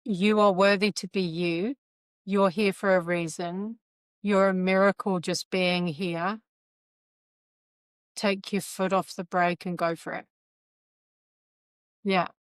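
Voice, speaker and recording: A middle-aged woman yoga teacher, a podcast guest, talking in a gentle, earnest, reflective way. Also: on the low side, little pitch movement, takes it slowly, pauses often, clear, resonant tone, no echo. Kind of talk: casual interview chat.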